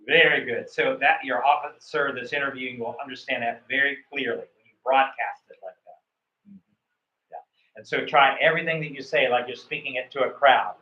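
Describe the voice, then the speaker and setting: This visa-interview coach speaks briskly in a pushed, bright, mid-range voice, wandering through his advice with frequent fillers and false starts. The call audio has an echoey, muffled room quality.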